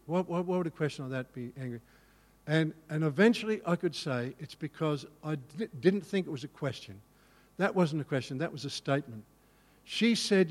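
A male pastor telling a personal story in a sermon, animated and self-mocking. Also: on the high side, normal speed, big-room sound.

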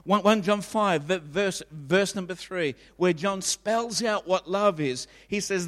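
A high-pitched man in his fifties delivers an emphatic, repetitive sermon as the pastor. His voice rings with the long reverb of a church hall. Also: measured pace, few pauses, fairly bright tone. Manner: emphatic, repetitive preaching with acted quotes.

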